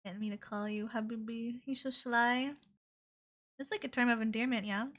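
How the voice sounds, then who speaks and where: A woman's voice: a little high, steady tone, normal speed, fairly bright tone. A woman streamer chatting casually with viewers while drawing. She talks playfully and hums nonsense syllables between comments. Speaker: VTuber streamer.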